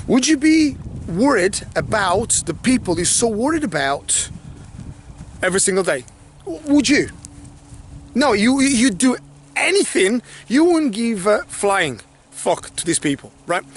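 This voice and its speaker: A man coaching in a blunt, animated motivational talk to camera, swearing freely and acting out people's worried thoughts. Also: sits high, slight background noise. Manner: mimics others' worried thoughts in asides. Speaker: life coach.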